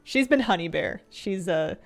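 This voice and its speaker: Chatty woman streamer, rambling softly. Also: lowish voice, lively intonation, a little slow, vocal fry, faint music behind. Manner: chatty, rambling, laughs often, drifts into soft mumbles. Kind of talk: casual chat while gaming.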